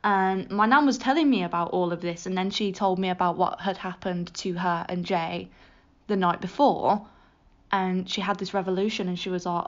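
A British woman hosting a podcast, telling spooky family stories in a chatty, animated way, often restarting and correcting herself. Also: lowish voice, normal speed. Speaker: podcast host. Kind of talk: casual spooky storytelling. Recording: slightly muffled lo-fi recording.

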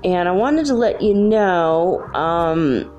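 A woman's voice: lowish voice, lively intonation, takes it slowly, darkish tone, highs cut off, soft background music. A woman vlogging casually from her room, chatty and rambling. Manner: rambling, chatty, uses "like" often. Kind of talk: casual spiritual vlog commentary. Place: her room at home, alone.

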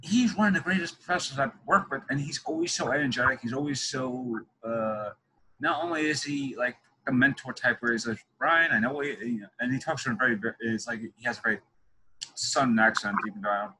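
A man's voice: mid-range voice, fairly quick, sharp tone, slight background noise, poor audio. A young man interviewing a guest, telling long, digressive stories in casual conversation. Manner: chatty, digressive storytelling.

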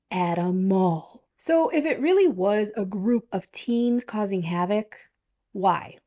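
A woman's voice: medium pitch, lively intonation, slow pace, mellow. A woman hosting a podcast, telling a story casually rhetorical questions and a chatty, conspiratorial manner. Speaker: podcast host.

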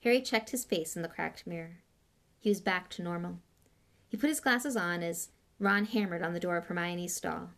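Gravelly-voiced woman reading a novel aloud. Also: lowish voice, moderate pace, fairly bright tone. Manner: plain reading with small slips and restarts. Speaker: audiobook reader.

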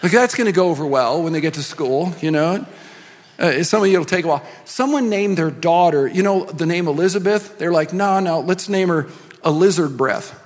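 A middle-aged pastor delivers a sermon in a large church hall, keeping it loose and jokey with plenty of asides. His voice is a little high and fairly quick, and the recording has a long hall reverb.

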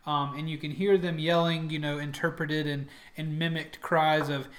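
A man's voice: a little high, little pitch movement, moderate pace, few pauses, reverberant. A man running a tabletop game as game master, narrating loosely with lots of fillers. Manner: loose, chatty narration with fillers and shouted character cries.

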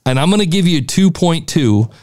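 A man's voice: on the high side, lively intonation, brisk, background noise. A man hosting a podcast, giving a blunt, exasperated critique of a listener's show. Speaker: podcast host reviewing listener shows.

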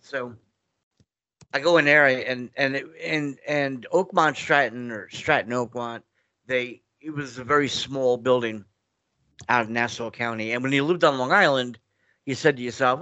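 This middle-aged guest from New York speaks at a normal speed in a mid-range voice that's bright and forceful, recorded lo-fi with no echo. His interview stories ramble, he restarts sentences frequently, and he performs the dialogue he quotes.

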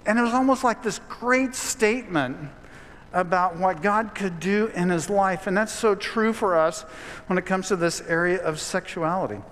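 High-voiced man preaching a sermon. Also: moderate pace, a bit bright. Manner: storytelling, conversational with rising emphasis. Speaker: pastor. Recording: long hall reverb.

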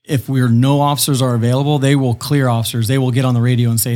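A man who is a police officer, answering interview questions in a measured, explanatory way with frequent pauses. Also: medium pitch, level tone, darkish tone.

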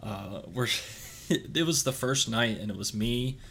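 A man's voice: mid-range voice, a little slow, creaky, a bit bright, slight background noise. A young man on a podcast, chatting casually and telling a rambling story full of fillers and restarts. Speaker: podcast co-host.

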